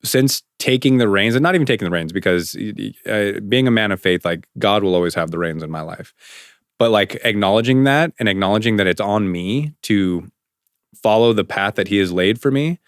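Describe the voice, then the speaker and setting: A man with a very low, deep voice hosts a podcast interview. He speaks earnestly and with emphasis. The recording is dry and close on a studio mic. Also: normal speed, no echo. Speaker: podcast host.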